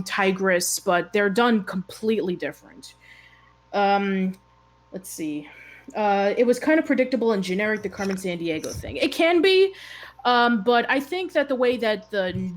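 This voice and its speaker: A woman co-hosting a casual chat show, talking hesitantly with lots of fillers and restarts. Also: medium pitch. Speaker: show co-host.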